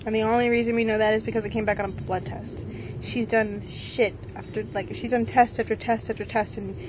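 A woman talks casually to her vlog viewers. She is out of breath, and her fairly high voice comes in halting stretches as she loses her words and starts sentences over. Faint noise sits under the recording. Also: little pitch movement. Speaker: vlogger. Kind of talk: casual vlog talking to camera.

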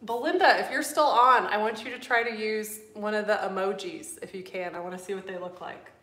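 A middle-aged woman hosts a live stream from a room with a noticeable echo. She talks fast and bubbly, packing in as much as she can. Her breath runs short as she goes. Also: mid-range voice, bright, forceful tone. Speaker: host. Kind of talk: live stream chat with viewers. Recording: echoey room.

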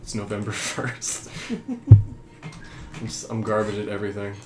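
A man's voice: completely flat delivery, normal speed. Man screaming through a horror game. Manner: swings from low mutters to panicked screaming; crude, trash-talking. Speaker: gameplay commentator. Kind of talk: horror game let's play commentary. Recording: roomy sound with game music behind.

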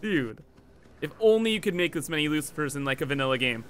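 A man's voice: on the high side, animated, quick pace, background noise. A young man giving playful, hyped commentary over his strategy game. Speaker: gaming YouTuber. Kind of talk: casual gameplay commentary.

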